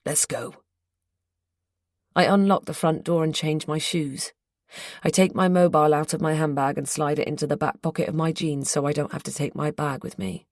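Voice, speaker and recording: A woman reading a first-person audiobook in a measured, intimate storytelling manner. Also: low-pitched, flat delivery, a little mellow, no room sound, clean studio sound. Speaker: audiobook narrator.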